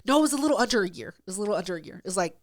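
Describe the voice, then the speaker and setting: A woman's voice: mid-range voice, expressive, very fast, no echo, clean studio sound. A woman co-hosting a podcast, telling a story in a blunt, profane, casual way. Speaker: podcast co-host.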